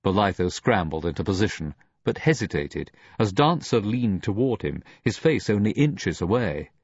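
A man narrating an audiobook in a dramatic, expressive reading. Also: lowish voice, moderate pace, breathy edge, dry recording, muffled recording. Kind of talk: scripted narration.

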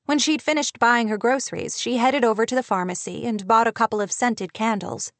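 A woman's voice: fairly high pitch, brisk, no echo. Woman narrating a romance audiobook. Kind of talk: scripted narration.

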